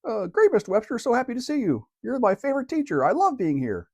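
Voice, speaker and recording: A man voicing a breezy schoolgirl student in a silly, mock-cheerful falsetto. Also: huge pitch swings, fast talker, darkish tone, slightly rough, full character voice.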